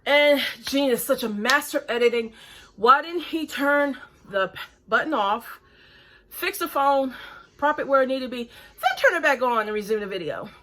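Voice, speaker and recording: A woman in her forties gives blunt, critical reaction commentary in a casual, chatty way. She breathes hard between phrases, and her voice is bright and forceful. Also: high-pitched, animated, normal speed. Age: 40s. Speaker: reaction video host.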